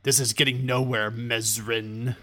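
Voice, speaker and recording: A man's voice: medium pitch, fairly even intonation, a little fast, a bit bright, close to an everyday voice. A man doing a seething, proud throne keeper. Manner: gruff, seething, commanding. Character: proud, hot-tempered male keeper of a fiery throne.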